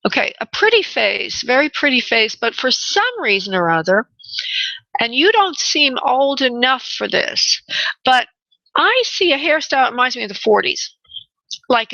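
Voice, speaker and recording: Woman radio medium, halting and filler-heavy, affectionate "honey" to callers; gravelly voice, dull lo-fi sound. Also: a little high, pushed and bright, no room sound. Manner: halting, many fillers, relays spirit messages, calls callers honey. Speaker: spirit medium and radio show host. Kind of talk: call-in psychic reading on radio.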